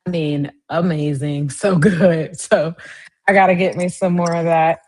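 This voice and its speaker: A young adult woman hosting a casual live stream, chatting directly to her viewers in a lively way. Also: unhurried. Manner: lively, swings up high in pitch.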